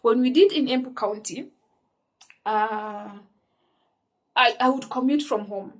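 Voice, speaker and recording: A woman's voice: fairly high pitch, a little slow. A young woman with a Kenyan accent telling a personal story in an emphatic, indignant way, often restarting her sentences. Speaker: vlogger. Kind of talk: storytime monologue.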